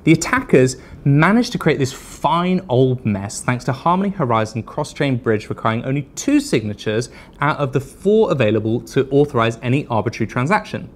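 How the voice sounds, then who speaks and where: Wry, sarcastic crypto news presenter. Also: male voice, medium pitch, very animated, brisk, a little hiss or hum. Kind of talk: scripted news commentary.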